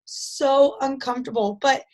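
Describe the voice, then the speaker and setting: A woman's voice: sits high, fairly even intonation, a little slow, darkish tone. A young woman from the United States, an interview guest telling personal stories in casual conversation, full of "like" fillers. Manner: chatty storytelling, frequent "like" fillers.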